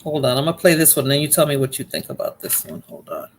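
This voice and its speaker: A man's voice: mid-range voice, big pitch swings, fast, slight background noise. A man hosting a live stream, chatting casually with his viewers and reacting to a video. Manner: chatty, talks to viewers in chat by name. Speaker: livestream host reacting to videos.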